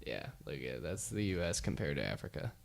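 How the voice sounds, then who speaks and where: A man's voice: very deep voice, big pitch swings, fairly quick, vocal fry. A man from the United States co-hosting a podcast in casual chat. He is laid-back, mostly giving short reactions and dry remarks with some swearing. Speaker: podcast co-host.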